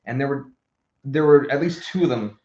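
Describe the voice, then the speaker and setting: A man co-hosting a football podcast, telling a match story in animated casual chat with restarts and swearing. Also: mid-range voice, normal speed. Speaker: podcast co-host. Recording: roomy, dull lo-fi sound.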